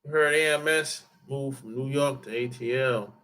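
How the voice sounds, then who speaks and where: Man, loose rambling livestream talk, swears freely, bright forceful tone. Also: mid-range voice, normal speed. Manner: rambling, loose and profane, repeats himself. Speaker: dating advice YouTuber. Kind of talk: casual livestream chat answering viewers. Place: home in Atlanta.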